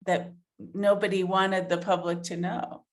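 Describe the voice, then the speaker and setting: A woman's voice: on the low side, level tone, measured pace. A middle-aged woman journalist answering interview questions earnestly, thinking aloud with fillers and restarts. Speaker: author and investigative journalist, guest.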